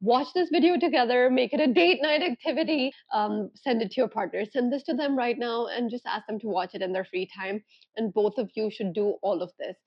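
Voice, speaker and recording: A woman's voice: a little high, fairly quick, slightly rough, muffled recording. A young woman, a relationship coach, giving earnest, emphatic advice to camera and acting out the thoughts she quotes. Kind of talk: direct-to-camera advice vlog.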